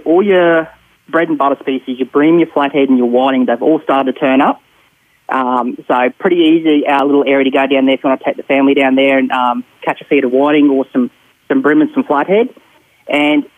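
A male Australian fisherman giving a radio fishing report, relaxed and rambling with lots of fillers. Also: fairly high pitch, dry recording, phone-quality sound.

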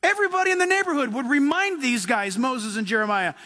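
A man's voice: very high-pitched, quick pace, sharp tone. A man preaching a sermon at an evening church service, emphatic and keeps breaking in with "listen".

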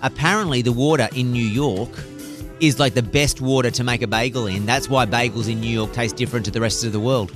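A man with an Australian accent hosting a radio call-in show, upbeat and joking with callers in quick back-and-forth. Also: medium pitch, music in the background. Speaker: radio host. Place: radio studio. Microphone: studio mic.

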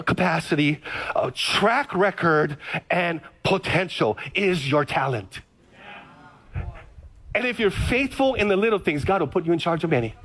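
A middle-aged pastor with a high voice preaches through a personal story. He is animated, stammers into restarts and repeats his key phrases for emphasis. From Hawaii's Big Island. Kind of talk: storytelling sermon.

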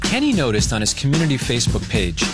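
A man's voice: mid-range voice, fast talker, music in the background. A man hosting a radio morning show, chatting casually and laughing with his co-hosts. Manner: animated, laughs often, coaching tone.

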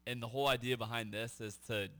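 A man's voice: medium pitch, steady tone, fast talker, a bit bright. A man co-hosting a sports talk radio show, explaining a news point in casual talk. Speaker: radio co-host.

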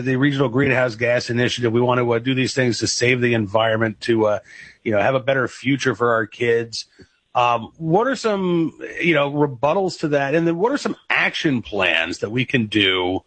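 A male radio host with a slightly husky voice works his way through loose, meandering questions. The sound is dry and close, with little room around it. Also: medium pitch, a bit bright, no room sound. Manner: conversational, hesitant questioning with fillers. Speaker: radio talk show host. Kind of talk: radio interview.

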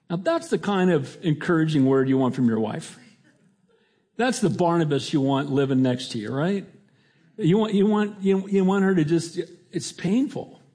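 A man's voice: on the high side, darkish tone, husky. A middle-aged male pastor preaching a sermon in a conversational way, often restarting his sentences.

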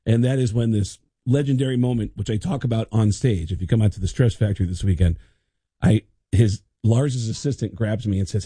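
A man, a guest comedian, telling an animated comic story on the radio, slipping into impressions. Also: on the low side, moderate pace, husky, no room sound.

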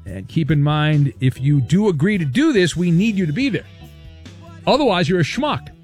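A man hosting a talk radio show, brisk and wisecracking, reading out listener questions. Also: on the high side, very animated, darkish tone, soft background music. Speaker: radio host.

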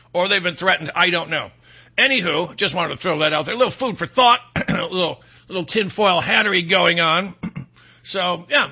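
Middle-aged guy ranting political commentary, sarcastic and mocking, gravelly crackly voice, super bright and sharp. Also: sits high.

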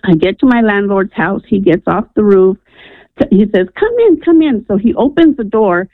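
Over a tinny phone connection, a New Mexico caller tells her own story on a call-in program. She has a mid-range voice at ordinary speed, the recording is dry, and she narrates with earnest animation, doing voices for the characters.

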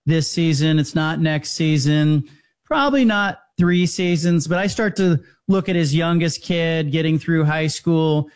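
A man's voice: a little high, measured pace, smooth. Male sports radio host. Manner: conversational, reflective.

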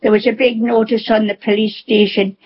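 A woman in her nineties from England, recalling events in a halting, plainspoken way during a radio interview. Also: on the high side, level tone, slightly rough. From North East England. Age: 90s. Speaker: interviewee, war survivor. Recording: dull lo-fi broadcast audio.

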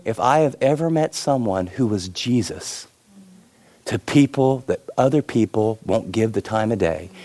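A man pastor preaching a sermon, telling stories in an animated way with frequent fillers. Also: fairly high pitch.

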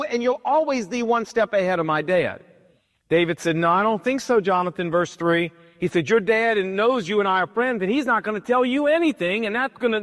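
A man's voice: sits high, a bit bright, big-room sound. A man preaching a sermon, retelling scripture in casual, modern everyday speech. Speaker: pastor.

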